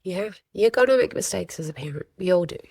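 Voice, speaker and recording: A woman's voice: fairly low pitch, animated, fast, darkish tone, no room sound. A woman, a counselor speaking earnestly in a podcast interview and often voicing quoted speech. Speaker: family and child counselor, guest. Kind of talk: podcast interview, casual advice.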